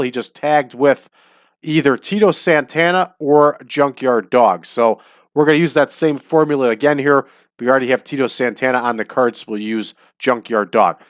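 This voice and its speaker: A man's voice: mid-range voice, no echo, studio quality. A man hosting a casual let's-play of a wrestling booking game, upbeat and chatty, often breaking into laughter. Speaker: host.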